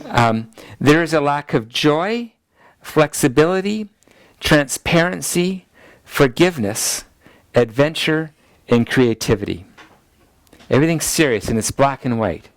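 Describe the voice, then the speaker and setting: A middle-aged man, a pastor, teaching a class in a relaxed, chatty way and laughing at his own family stories. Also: a little high, unhurried, no echo. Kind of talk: teaching lecture with family anecdotes.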